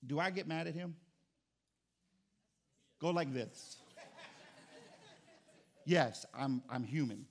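A pastor preaching a sermon, animated and acting out little dialogues, moving from loud bursts to quiet, low reflection. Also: male voice, slow, pauses often, some chatter behind, slight background noise. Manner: animated, acts out voices and dialogue. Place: church sanctuary.

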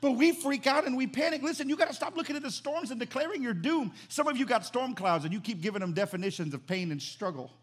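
A man preaching a sermon as pastor, animated and emphatic, repeating phrases for emphasis. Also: very high voice, fast talker, few pauses.

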